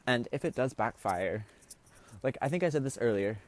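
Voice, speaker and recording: A man's voice: medium pitch, lively intonation, moderate pace, poor audio. A man recording a confessional diary vlog from his bedroom, rambling through his game strategy with lots of fillers. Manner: rambling, filler-heavy storytelling; talks quietly to avoid waking parents. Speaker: online game contestant.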